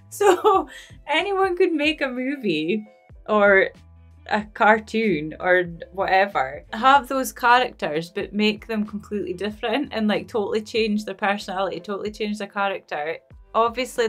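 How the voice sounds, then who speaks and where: A woman's voice: mid-range voice, fairly bright tone. A young woman from Scotland hosting a movie reaction video, chatting casually and rambling while she keeps breaking into giggles. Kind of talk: casual post-movie chat.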